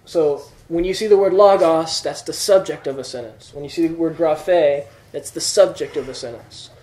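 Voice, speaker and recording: A man's voice: on the high side, normal speed, warm tone. A man teaching a classroom lesson, explaining patiently and checking that students follow. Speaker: Greek teacher. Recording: echoey room.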